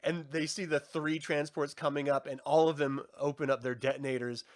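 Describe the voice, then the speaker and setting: A young man co-hosting a casual review chat, excited, swearing often and acting out scenes in quoted voices. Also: a little high, a little fast. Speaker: podcast co-host.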